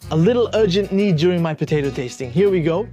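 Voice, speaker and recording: A young man narrates his food challenge vlog, tired and stuffed, making fun of himself with dramatic complaints. His voice sits a little high for a man. Clear music runs behind him the whole time. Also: lively intonation, quick pace. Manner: joking, self-mocking, dramatic complaints. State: tired, overfull. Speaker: vlogger.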